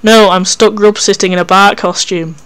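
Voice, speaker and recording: A reader voicing Cecily, an anxious young protagonist in disguise who speaks in a flustered, hushed way. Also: mid-range voice, steady tone, normal speed, smooth, natural voice.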